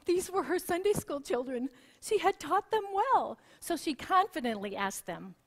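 A woman worship leader preaching a sermon in a church, telling stories with lively acted quotes. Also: very high-pitched, moderate pace.

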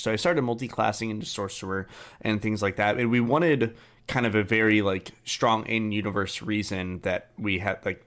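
A man's voice: on the low side, fairly bright tone. A young man hosting a podcast, chatting casually and rambling through a story about his tabletop game character. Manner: rambling, filler-heavy storytelling. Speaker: podcast host.

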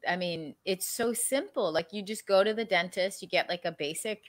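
A woman's voice: mid-range voice, moderate pace. A woman hosting an interview, chatting casually and filling her speech with "like". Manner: chatty, uses many fillers. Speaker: host.

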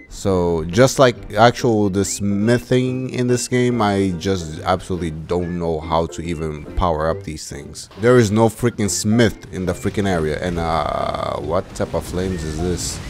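A deep-voiced gaming YouTuber delivers animated let's-play commentary, ranting, swearing mildly, and breaking into sudden shouts.

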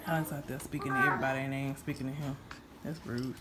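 A young mother filming her children at home, talking to them in cooing, animated baby talk. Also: rumbling low, quick pace. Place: at home, indoors. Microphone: phone camera held by the speaker. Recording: noisy home phone recording.

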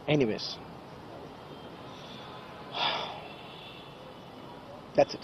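A man's voice: a little high, quick pace, highs cut off, slight background noise. A man with a background gives an emotional press statement, earnest and repeating phrases insistently. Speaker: speaker at a press conference.

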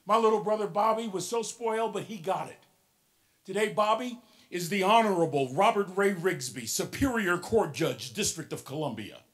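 Animated man in his sixties preaching to a crowd. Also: high-pitched, normal speed. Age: 60s. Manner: preacher-like, calls out to the crowd, swings from soft to shouting. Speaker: motivational keynote speaker. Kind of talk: motivational keynote speech.

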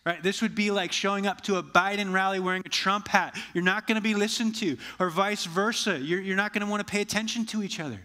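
A man's voice: high-pitched, fast talker, few pauses, pushed and bright. A male pastor preaching a conversational sermon, acting out quoted dialogue and often restarting phrases.

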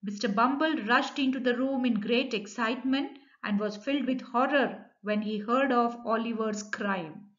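A woman's voice: fairly high pitch, moderate pace, hardly any pauses, lo-fi sound. A woman teacher with an Indian English accent who reads a story aloud and then explains each line in simple words.

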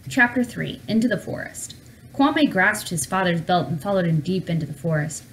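A woman reading a children's storybook aloud in an expressive, animated way. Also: fairly low pitch, moderate pace, a little hiss or hum, rough recording. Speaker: storybook reader.

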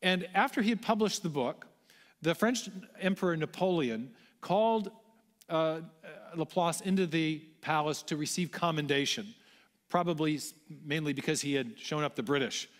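A man's voice: on the high side, normal speed. Man lecturing in a reverberant hall. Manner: storytelling, with self-deprecating asides. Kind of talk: public lecture to a large audience.

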